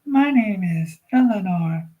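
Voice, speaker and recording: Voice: medium pitch, animated, slow, phone-quality sound, pitched above the performer's own voice. A streamer voicing a metallic-sounding robot doll in the shape of a young girl, using a put-on baby voice. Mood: sweet. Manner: sweet baby voice.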